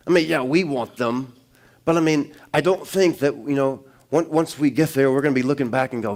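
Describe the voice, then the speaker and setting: A man's voice: medium pitch, fairly quick. Man preaching a sermon. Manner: conversational storytelling with many restarts and fillers; builds to loud emphatic preaching. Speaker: pastor.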